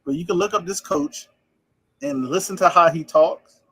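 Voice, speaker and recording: Fast-talking man in casual chat. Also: high voice, a bit bright, husky, dry recording, poor audio. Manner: fast, run-together speech, laughs often. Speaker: podcast co-host.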